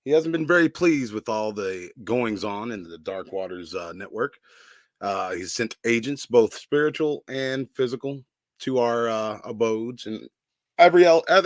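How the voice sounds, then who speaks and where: A man's voice: medium pitch, expressive, normal speed, dry recording, studio quality. A man hosting a late-night online show, talking in a loose, folksy way. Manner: loose, folksy, hesitant with fillers. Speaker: host.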